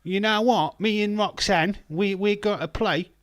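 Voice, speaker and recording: A man hamming up a loud, high-pitched cheeky Cockney caricature in a mock Cockney accent. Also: measured pace, dry recording, clean studio sound. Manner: brash, sing-song, over-the-top.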